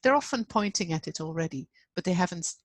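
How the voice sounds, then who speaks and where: A woman speaking as a grief counselor in a conversational interview, gentle and reflective, acting out gentle questions to clients. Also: on the low side, lively intonation, quick pace, dry recording.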